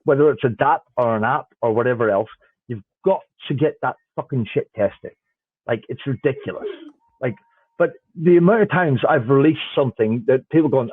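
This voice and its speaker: A man's voice: medium pitch, fairly quick, husky, no echo. A man with an Irish accent, a smart contract auditor, talking bluntly and swearing freely in a casual podcast chat. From Ireland. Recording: dry tinny phone-like line.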